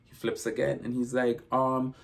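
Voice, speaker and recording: A man's voice: medium pitch, monotone, moderate pace, creaky. A man vlogging a casual storytime, rambling through his retelling and leaning on constant "I'm like" to report what was said.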